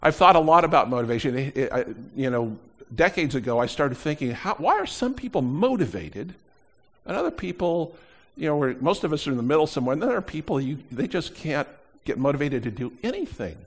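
A middle-aged man preaching a sermon as pastor, animated, swinging between loud emphasis and quieter asides. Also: on the high side, fairly quick, slightly rough.

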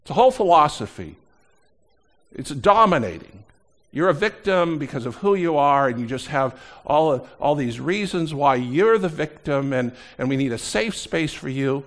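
A middle-aged man preaching a sermon as pastor, animated, swinging between loud emphasis and quieter asides. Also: fairly high pitch, moderate pace.

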